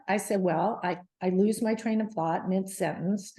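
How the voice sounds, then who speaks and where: A middle-aged woman who advocates on menopause appears as a guest on an interview show. She tells her story in a lively, animated way, restarting often. Her pitch is medium and her speed normal.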